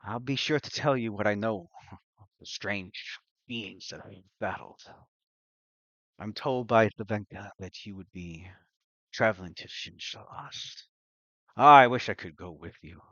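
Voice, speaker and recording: A man's voice: fairly low pitch, a little slow, long pauses, bright, forceful tone, dry recording. A man voicing a cheerful, bargain-loving female traveler in a tabletop game, speaking in a grand, theatrical way. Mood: eager. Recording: dull lo-fi recording.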